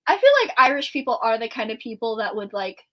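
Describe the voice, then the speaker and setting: A young woman in casual chat on a livestream, animated and laughing often. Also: fairly high pitch, fast. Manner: animated, laughs often, reads aloud from a post. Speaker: book club co-host.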